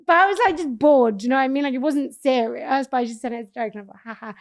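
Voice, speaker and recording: Young woman from england, gravelly voice, raised pitch, animated chatty storytelling with swearing. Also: rapid-fire. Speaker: guest. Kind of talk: casual chat.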